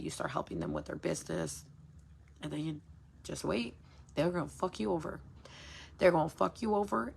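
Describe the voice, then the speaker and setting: A woman's voice: lowish voice, vocal fry, a little hiss or hum. A woman who runs a small business, venting frankly in a casual livestream, swearing freely and repeating herself for emphasis. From United States. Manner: frank and profane, repeats phrases.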